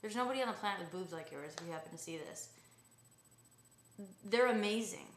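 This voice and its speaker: A woman's voice: mid-range voice, lively intonation, a little fast. A young adult woman vlogger telling a story in a chatty, rambling way, full of fillers and asides. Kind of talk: casual storytelling rant. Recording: echoey room.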